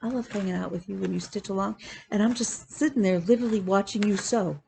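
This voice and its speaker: A woman vlogging about her cross-stitch hobby, telling animated, chatty stories with laughs. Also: mid-range voice, quick pace, creaky, slight background noise. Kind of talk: casual chat.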